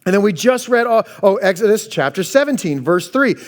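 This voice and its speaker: A man preaching a sermon as pastor, lively and dramatic, acting out quoted voices and dropping low for emphasis. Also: brisk.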